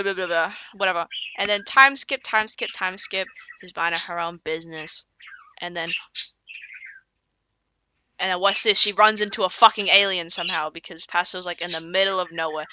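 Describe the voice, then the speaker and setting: Bright-voiced streamer rambling through a story. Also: female voice, fairly low pitch, slight background noise, poor audio. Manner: rambling, profane, lots of fillers.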